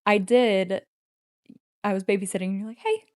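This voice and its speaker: A woman's voice: mid-range voice, steady tone, normal speed, clear, resonant tone, dry recording, clean studio sound. A woman appearing as a guest on a podcast and chatting casually, eager and upbeat. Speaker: podcast guest, executive assistant.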